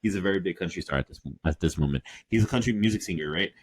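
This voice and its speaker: A man co-hosting a podcast in casual chat, firing off quick provocative questions with dry humor. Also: sits low, slightly rough. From New York. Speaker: podcast co-host.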